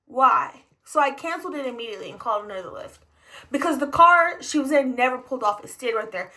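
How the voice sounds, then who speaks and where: A young woman rants through a storytime, exasperated and swearing freely. Her voice sits high and sounds bright and sharp. She talks casually, like a hospital tech venting after a shift. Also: poor audio. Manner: exasperated, profane, fast ranting. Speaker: emergency department tech.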